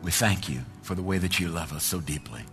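A man's voice: deep voice, brisk, music in the background. A man preaching a sermon, telling a story with fervor and leading a prayer in a church. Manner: fervent storytelling, then quiet prayer. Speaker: pastor.

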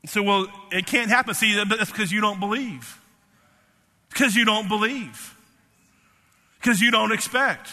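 A man's voice: unhurried, long pauses, pushed and bright, long reverb tail. A man in his fifties preaching a sermon, emphatic and repetitive, tearful as he rises to fervent peaks. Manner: emphatic, repeats words, rising to fervent pitch.

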